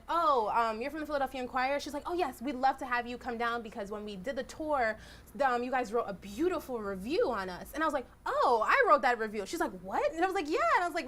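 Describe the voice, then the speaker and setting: A young woman, a journalist, telling stories in a casual, animated way and acting out quotes. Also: a little high, slight background noise. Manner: animated, acts out quotes with "I was like". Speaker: journalist guest speaker. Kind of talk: casual storytelling talk. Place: lecture hall.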